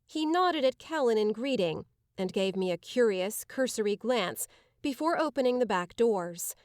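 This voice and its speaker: A woman giving measured, dramatic first-person narration of an audiobook. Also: a little high, lively intonation, a little mellow, no echo, clean studio sound.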